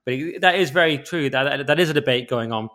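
A man co-hosting a podcast in casual chat, chatty and quick, often repeating words as he goes. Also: medium pitch, fairly bright tone. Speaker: podcast co-host, former comedian.

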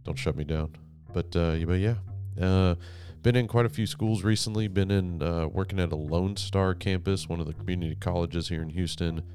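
A man hosting a podcast, rambling and self-deprecating, talking quietly in a home office. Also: deep voice, moderate pace, few pauses, soft background music. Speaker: podcast host. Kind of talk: casual monologue. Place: wife's office, speaking quietly.

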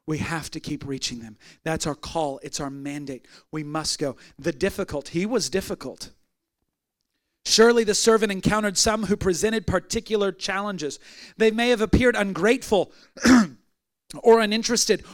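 High-voiced pastor preaching with emphasis. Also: male voice, no room sound. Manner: emphatic, builds through repeated phrases. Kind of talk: sermon.

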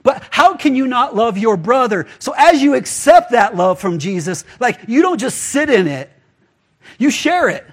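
A man with a high voice preaching in a loose, conversational way. He talks to the congregation like friends and slips into little acted-out voices for the people in his stories. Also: moderate pace. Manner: casual and animated, acts out quoted voices. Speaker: pastor. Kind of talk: conversational sermon.

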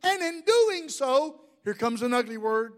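Middle-aged male pastor with a very high voice, a folksy preacher who jokes and quizzes his congregation. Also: sing-song, measured pace. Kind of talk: sermon.

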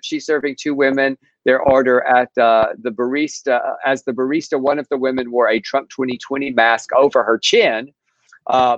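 A man's voice: medium pitch, a bit bright, dry recording. A man co-hosting a casual news chat show, retelling stories in a gossipy way and laughing as he goes. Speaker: podcast co-host. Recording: dull lo-fi sound.

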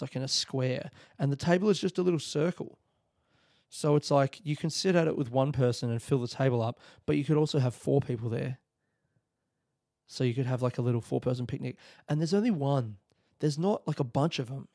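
A man's voice: mid-range voice, darkish tone, no room sound. Rambling reflective man, dry close sound. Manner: rambling, reflective, frequent restarts. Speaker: podcast host. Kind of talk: casual solo monologue.

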